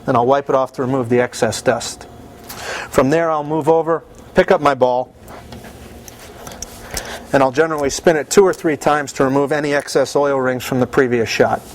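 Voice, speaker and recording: A man calmly and methodically explaining his own technical routine as a bowler. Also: medium pitch, normal speed, pauses often, slight background noise.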